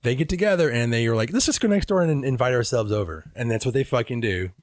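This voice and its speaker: Male podcast co-host, lively swooping delivery, profane and playful, dry close sound. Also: mid-range voice, fast talker, no room sound. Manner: animated, profane, acts out movie lines. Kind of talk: casual chat.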